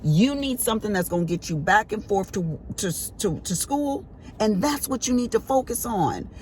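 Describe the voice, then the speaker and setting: A woman's voice: mid-range voice, animated, moderate pace, a little mellow, a little hiss or hum. A middle-aged woman vlogging, telling a family story to her viewers in a chatty, emphatic, colloquial way.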